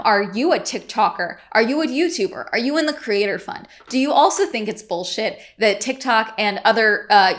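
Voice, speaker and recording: A woman vlogger ranting to camera, getting worked up and exasperated, swearing freely. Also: medium pitch. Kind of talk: casual ranting vlog.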